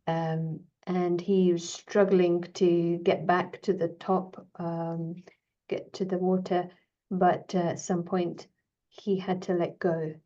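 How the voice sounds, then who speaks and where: A woman co-presenting an online session, summarizing a video in a measured way with frequent fillers. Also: lowish voice, little pitch movement, warm tone, dull audio.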